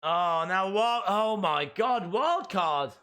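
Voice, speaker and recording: Excitable man reacting to wrestling. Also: high voice, slow pace, smooth, faint music behind. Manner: excitable, bursts into shouts. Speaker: live stream watch-along host. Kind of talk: live wrestling reaction commentary.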